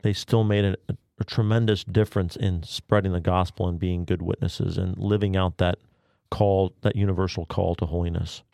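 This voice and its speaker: A man's voice: deep voice, level tone, moderate pace, gravelly, dark tone, dry recording, studio quality. A man co-hosting a podcast, speaking in a thoughtful, reflective way. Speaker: podcast co-host. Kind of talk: casual discussion.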